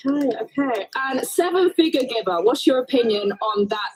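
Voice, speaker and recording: A woman's voice: high-pitched, expressive, moderate pace, breathy edge, poor audio. A woman interviewing a boxer backstage, chatty and upbeat.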